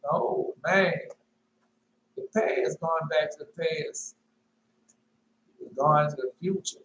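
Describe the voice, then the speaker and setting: A man preaching an informal sermon, reading scripture and asking his listeners rhetorical questions, repeating lines and jumping sharply in pitch on emphatic words. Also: slow pace, a bit bright. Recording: echoey room with faint noise.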